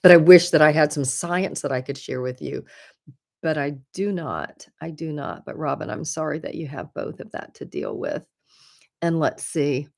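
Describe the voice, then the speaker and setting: A woman's voice: low voice, big pitch swings, moderate pace, creaky. A woman hosting a live stream, chatting candidly and earnestly with viewers, often laughing at herself and offering encouragement. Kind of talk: casual chat answering viewer comments.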